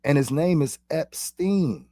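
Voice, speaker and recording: Male vlogger: casual, profane, slangy rambling, lively pitch swings. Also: slow, no echo, studio quality. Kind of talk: casual spiritual monologue.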